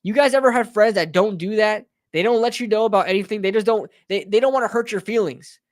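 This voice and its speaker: In a clean studio with no echo, a man with a high-sitting voice talks fast while ranting heatedly on his live sports talk stream. It's a live fan rant, peppered with calls of bro and brother to his listeners.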